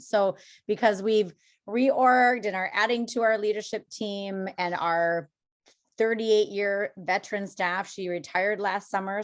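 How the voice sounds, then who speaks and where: A woman from Minnesota hosting a podcast, upbeat and chatty as she asks her guests questions. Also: medium pitch. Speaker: podcast host. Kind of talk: casual podcast conversation.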